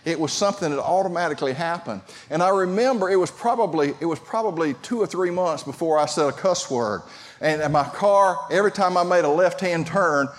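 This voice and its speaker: A pastor preaching a sermon, talking conversationally and calling out to the congregation. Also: male voice, fairly high pitch. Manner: conversational preaching with audience call-outs.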